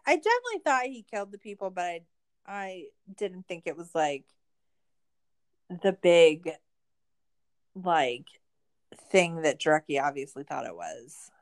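A woman casually recapping a documentary episode, chatty and saying "like" a lot as she acts out the quotes. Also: on the low side. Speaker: podcast co-host.

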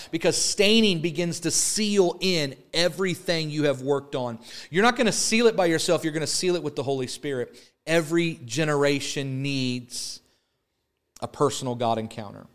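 Male pastor, sermon delivery, emphatic repetition, a touch higher-pitched than most men. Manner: preaching with rising emphatic repetition; holds up an arrow as a prop.

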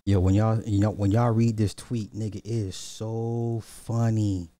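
A man hosting a podcast in casual livestream commentary, animated and slangy, talking straight to his viewers. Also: lowish voice, unhurried, no room sound. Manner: animated, slangy, addresses the chat directly. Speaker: podcast host.

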